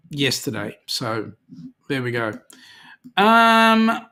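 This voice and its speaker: An Australian host chatting casually on a live cruising stream, reading viewer comments aloud with plenty of ums and friendly banter. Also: mid-range voice.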